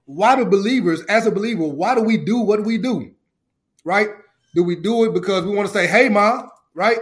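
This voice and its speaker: A man and youth coach, a podcast guest, telling a faith story with excited, emotional, preacher-like repetition. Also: sits high, a little fast. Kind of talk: testimony-style storytelling.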